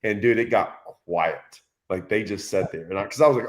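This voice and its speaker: A man telling a lively story in casual chat, acting out quotes and laughing often. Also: fairly low pitch, a little fast. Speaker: fishing channel host.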